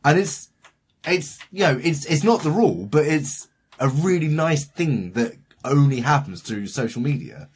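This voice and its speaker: Husky-voiced rambling man. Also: fairly high pitch, lively intonation, moderate pace. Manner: rambling, swears freely, many restarts. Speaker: podcast co-host. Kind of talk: casual chat.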